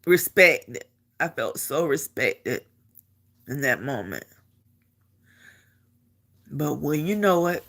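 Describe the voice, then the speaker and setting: A middle-aged woman and army veteran, casually telling a story to the camera in an animated way, often repeating herself and laughing. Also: lowish voice.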